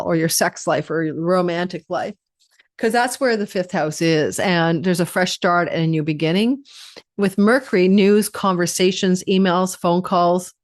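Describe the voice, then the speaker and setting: A woman's voice: lowish voice, no echo, clean studio sound. A tired woman astrologer giving a rambling, chatty forecast and running through lists of possibilities. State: tired, yawning.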